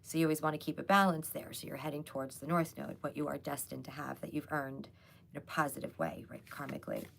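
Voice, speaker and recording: A woman hosting a casual live tarot reading, chatty and loose with lots of fillers, hoarse as she loses her voice. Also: deep voice, expressive, fast, fairly bright tone. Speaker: psychic tarot reader hosting a live stream.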